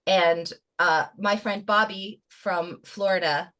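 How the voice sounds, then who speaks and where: A woman's voice: medium pitch, fairly even intonation, takes it slowly, bright, forceful tone. Chatty woman hosting a game. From Canada. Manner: playful, chatty storyteller. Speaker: guest host. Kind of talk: live podcast banter, running a trivia game.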